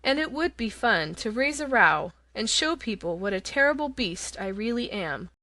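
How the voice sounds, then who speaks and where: A woman's voice: fairly high pitch, big pitch swings, normal speed, bright, forceful tone, dry recording. A woman voicing a big, lazy male lion who is kindly at heart, in a children's storybook reading. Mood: drowsy. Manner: drowsy, thoughtful.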